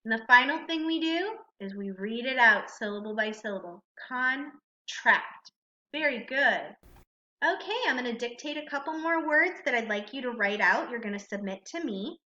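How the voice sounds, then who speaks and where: A woman teacher with a high, bright voice walks through a spelling lesson, slowly and carefully breaking words into syllables. The recording is roomy and echoey, with a dull, lo-fi sound. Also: lively intonation. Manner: slow, deliberate, sounding out syllables.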